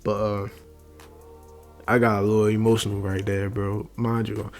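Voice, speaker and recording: A man giving casual film commentary at home, talking quietly and rambling, calling the listener "bro" again and again. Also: lowish voice, flat delivery, moderate pace, faint music behind. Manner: rambling, says "bro" constantly. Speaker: movie reviewer. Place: at home at night.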